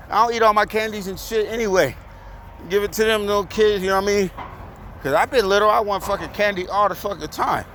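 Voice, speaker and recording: A man with a high voice rants his way through a story, swearing freely and laughing between lines. Light traffic hums faintly behind him outside. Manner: profane, animated, laughing storytelling. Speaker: vlogger. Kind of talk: casual storytelling rant.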